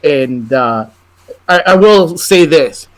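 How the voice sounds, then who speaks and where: A man's voice: fairly high pitch, animated, takes it slowly, a bit bright. Man hosting a chatty interview. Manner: friendly, rambling questions with fillers. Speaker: podcast host. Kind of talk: casual interview chat.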